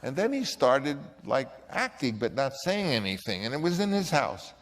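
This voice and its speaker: A man's voice: medium pitch, very animated, normal speed, a bit bright, in a large hall. A man and film director telling a rambling anecdote, often stopping and restarting his sentences. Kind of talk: anecdotal storytelling.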